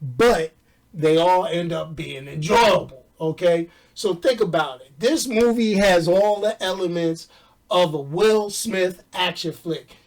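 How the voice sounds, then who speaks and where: Man from New York, animated casual reviewer, joking, set back from the mic. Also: high voice, far from the mic. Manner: animated, jokey, slangy, laughs often. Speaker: movie reviewer. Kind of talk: casual movie review chat.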